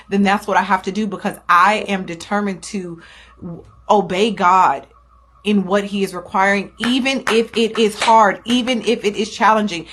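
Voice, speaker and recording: A young woman hosts her podcast from a small home recording studio, her medium-pitched voice a bit bright. She speaks candidly and emphatically, encouraging listeners in their faith during this faith-based motivational talk.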